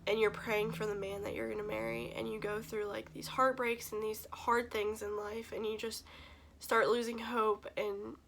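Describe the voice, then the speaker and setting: A woman's voice: medium pitch, little pitch movement, normal speed, fairly bright tone, slight background noise. A young woman vlogger telling a personal story to camera in a casual, gushing way, tearful and full of fillers. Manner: gushing, emotional, many fillers.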